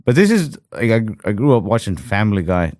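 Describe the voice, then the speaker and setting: A man's voice: fairly low pitch, sing-song, a little fast, darkish tone, no room sound, studio quality. A young American man co-hosting a casual comedy podcast, rambling with lots of "like" fillers. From United States. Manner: rambling, heavy on fillers like "like" and "fucking". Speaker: podcast co-host.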